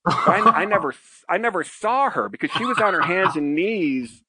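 A middle-aged man, a pilot and podcast guest, telling a crude story in a casual, animated way and tagging lines with "right?". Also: sits high, normal speed, noisy background.

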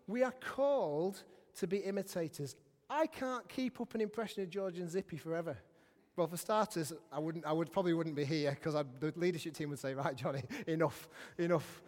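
High-voiced preacher in a reverberant hall. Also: male voice. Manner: chatty, self-mocking, with many asides. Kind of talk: sermon. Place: church hall. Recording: long reverb in a church hall.

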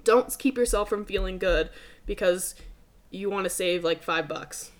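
A woman's voice: mid-range voice, unhurried. Emphatic, casually swearing young woman host. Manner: emphatic, swears casually, calls listeners dude. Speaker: podcast host. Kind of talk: casual motivational podcast talk.

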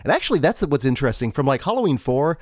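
A man's voice: medium pitch, big pitch swings, fast talker, dry recording, clean studio sound. A man co-hosting a podcast in casual chat, eagerly talking up upcoming episodes and events. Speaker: podcast co-host.

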